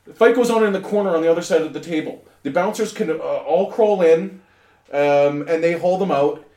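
A man's voice: fairly high pitch, fairly quick, mellow. A man telling a rowdy bar story in casual podcast chat, swearing and laughing often as he talks. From Ireland. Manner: profane, laughs often while telling stories. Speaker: podcast co-host. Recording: echoey room with laughing group.

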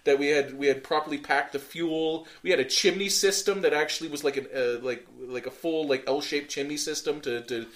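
A man with a somewhat high voice tells a story in casual chat. He rambles, restarts often, and fills pauses with "um" and "like". He swears freely. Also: a bit bright.

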